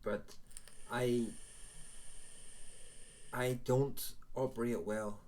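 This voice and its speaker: Hosting his live show, a forties-aged Northern Irish vape reviewer chats openly and rambles, often at his own expense. He speaks extremely slowly in a medium-pitched, steady, somewhat mellow voice.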